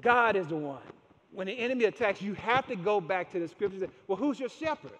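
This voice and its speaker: A man with a very high voice delivers a sermon, pressing home his points by repeating key phrases. His words ring out with a long reverb through a large church sanctuary. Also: expressive, fast talker, a bit bright, a little hiss or hum. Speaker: pastor.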